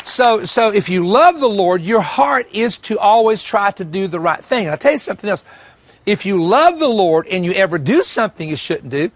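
High-voiced emphatic preacher. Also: male voice, expressive, moderate pace. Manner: emphatic storytelling preacher, repeats lines for effect. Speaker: pastor. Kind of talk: sermon.

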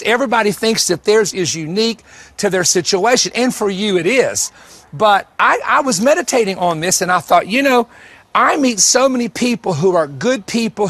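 A high-pitched man preaching with emphatic, storytelling energy. He repeats key lines for effect and talks straight to the congregation. His voice sounds close and dry, with no room echo. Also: a bit bright. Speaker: pastor. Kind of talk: sermon.

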